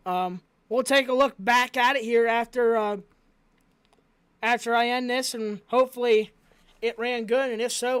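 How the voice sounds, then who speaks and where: A man announcing a live race with energetic, rapid-fire play-by-play commentary. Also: very high-pitched, clear, resonant tone.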